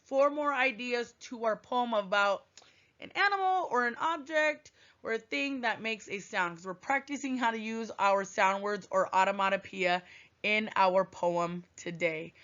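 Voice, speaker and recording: A woman teaching a writing lesson to young children, thinking aloud with long hums in a gentle, encouraging way. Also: medium pitch, measured pace. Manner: gentle, encouraging, sing-song classroom delivery. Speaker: first grade teacher. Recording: dull lo-fi recording.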